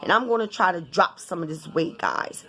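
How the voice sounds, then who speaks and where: A woman vlogger talking casually and bluntly to her viewers, cursing often in an animated, informal way. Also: on the low side, normal speed. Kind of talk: casual vlog rant.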